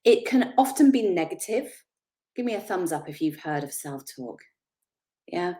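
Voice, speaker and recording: A middle-aged woman delivers a motivational talk on confidence in a slightly low voice. She is chatty and animated, quick to laugh at her own slips. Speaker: confidence speaker.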